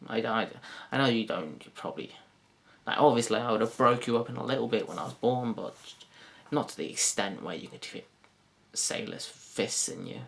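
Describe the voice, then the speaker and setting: A man's voice: medium pitch, animated, moderate pace, vocal fry, a bit bright. Yorkshire guy doing stand-up, rambly, sweary, keeps correcting himself, mid voice. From Yorkshire, England. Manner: rambling, self-correcting, crude, sardonic. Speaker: stand-up comedian. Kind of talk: stand-up comedy routine.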